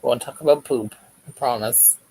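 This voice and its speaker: A man hosts a casual crochet livestream from home, reading chat messages aloud and joking with viewers as he stitches. His voice is gravelly and a little husky, sitting at an ordinary middle pitch. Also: normal speed, warm tone, low-quality recording. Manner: chatty, jokey, reads chat aloud while crocheting.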